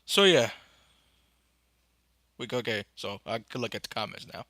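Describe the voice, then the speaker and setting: A young man talks casually and rambles through a tech podcast, full of fillers, then gets excited about hardware. His voice sounds very bright and edgy, and it is recorded dry and close with almost no room sound. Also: mid-range voice, normal speed, dry recording. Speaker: podcast host. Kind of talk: casual live-stream tech chat. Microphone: phone.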